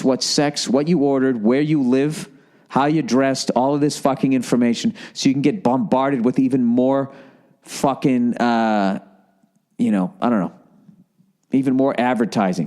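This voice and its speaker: A man's voice: medium pitch, a little mellow. A middle-aged man hosts a podcast and talks in a loose comedic monologue. He rants sarcastically and swears freely. His delivery is conversational. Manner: ranting, profane, sarcastic. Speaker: podcast host.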